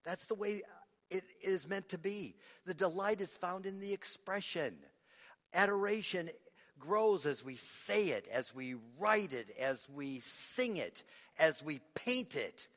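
A male pastor preaching a sermon, earnest, repeating his phrases and swinging from loud to hushed. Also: high-pitched, animated, a little slow. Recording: long reverb of a large hall.

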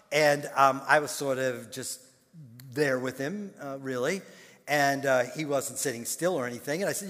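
An older man preaching a sermon in an animated storytelling manner, repeating words and breaking into sudden loud bursts. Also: medium pitch, long reverb tail. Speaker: pastor.

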